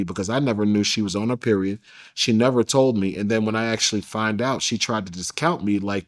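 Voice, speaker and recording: A man as an interview guest, telling a personal story candidly in a casual, slangy and blunt way. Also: on the low side.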